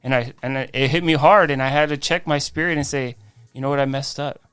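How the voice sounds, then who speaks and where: A man, a guest on a faith podcast, telling his life story in an animated way, acting out quoted dialogue. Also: mid-range voice, a little fast, clean tone, no echo. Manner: frequent restarts and "I'm like" quoting.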